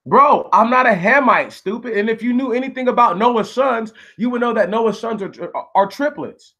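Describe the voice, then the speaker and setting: A man's voice: very high voice, normal speed, sharp tone. A man ranting angrily on a live stream, swearing, repeating himself and arguing with viewers in the chat. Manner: angry, profane, repetitive, arguing with viewers. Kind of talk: heated live-stream rant.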